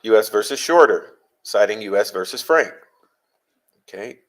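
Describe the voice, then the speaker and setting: Male legal commentator, fairly low voice, reads case law slowly and leans on the key phrases. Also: lively intonation, poor audio. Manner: deliberate, stresses key phrases. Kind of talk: reading and explaining legal texts.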